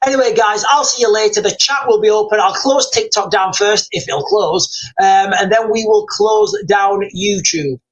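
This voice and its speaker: A man hosting a livestream, chatting casually and reading out viewer comments in a rambling, excitable way with lots of repeats and fillers. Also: high voice, moderate pace, few pauses, highs cut off. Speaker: livestream host.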